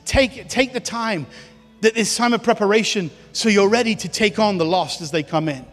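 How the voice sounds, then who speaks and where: A man's voice: high-pitched, moderate pace, fairly bright tone. A man, a pastor preaching a sermon in a church hall with an impassioned, repetitive cadence. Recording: hall reverb with faint music.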